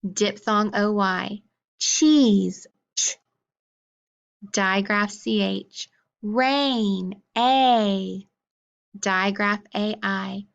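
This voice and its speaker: A woman teacher runs a phonics drill, calling out sounds and spelling them letter by letter. She speaks at a very slow, deliberate pace. The recording sounds dull and lo-fi. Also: mid-range voice, steady tone, gravelly.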